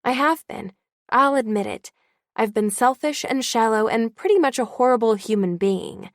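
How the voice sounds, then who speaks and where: An earnest teenage girl pleads with her old friend, as a woman reading the book puts her on. She sounds bright and a little raised, dry and close. It is heartfelt storybook dialogue. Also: a little high, animated, moderate pace, dry recording, pitched above the performer's own voice.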